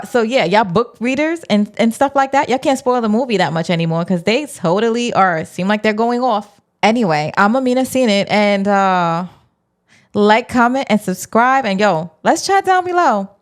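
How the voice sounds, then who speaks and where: Animated, slangy woman recapping an episode. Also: medium pitch, normal speed. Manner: animated, slangy, acts out her own reactions. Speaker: show recap host. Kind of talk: casual episode recap and reaction.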